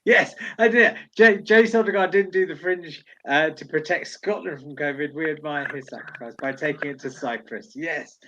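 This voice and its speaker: A man's voice: on the high side, moderate pace, hardly any pauses, pushed and bright, lo-fi sound, a little hiss or hum. A man hosting an online comedy show, bantering in a jokey, sweary way. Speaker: show host. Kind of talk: casual chat.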